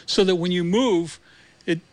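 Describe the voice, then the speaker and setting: A man on a radio tech show, loud and enthusiastic, rattling off product specs quickly. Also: sits high, dry recording. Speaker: tech commentator.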